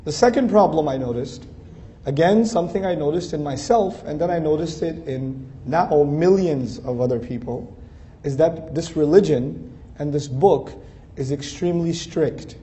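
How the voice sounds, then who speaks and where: A man's voice: fairly high pitch, normal speed, dark tone, slight background noise. A man giving an earnest religious lecture, building lists of phrases and rising to emphatic peaks. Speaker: Islamic speaker. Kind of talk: lecture to a Muslim audience.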